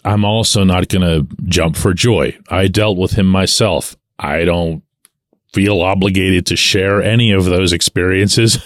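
Male podcast host with a deep voice, sardonic and opinionated, recorded dry and close. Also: dry recording. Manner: sardonic, animated, drops to mutters and asides. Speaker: podcast host and sports columnist. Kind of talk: opinionated solo podcast commentary.

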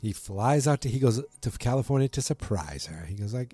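A man's voice: medium pitch, lively intonation, a little fast, warm tone, slightly rough, no echo, soft background music. A man casually recapping a TV episode, rambling with lots of ums and restarts and acting out the characters' lines. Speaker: podcast host recapping a TV episode.

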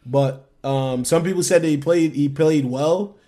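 A young man co-hosting a casual sports podcast, talking quick and animated, often trailing off and restarting. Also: on the high side. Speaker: podcast co-host.

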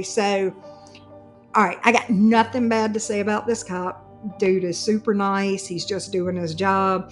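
A woman telling a personal story in casual chat, acting out both sides of the dialogue. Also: medium pitch.

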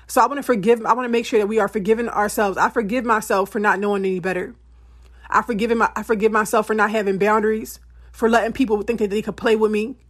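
A woman giving a candid motivational monologue, blunt and emphatic, often profane, with lively swings in pitch. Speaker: motivational speaker.

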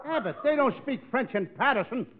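High-pitched flustered comic man. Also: animated, brisk. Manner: flustered, childlike, mishearing wordplay. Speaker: comedian. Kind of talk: 1940s radio comedy. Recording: tinny old radio broadcast with noise.

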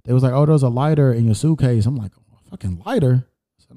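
A man casually telling an airport story, full of profanity and quoted back-and-forth, heated and animated. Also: medium pitch, brisk.

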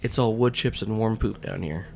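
A man's voice: fairly low pitch, normal speed, vocal fry, a little hiss or hum. A man running a tabletop game as game master, joking loosely and tripping over words as he narrates.

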